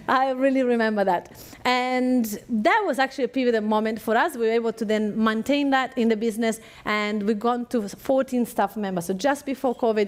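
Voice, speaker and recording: A woman with an Italian accent, a native Italian speaker, chattily telling her business story to an audience and laughing often. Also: on the high side. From Italy. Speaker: business coach and podcast host.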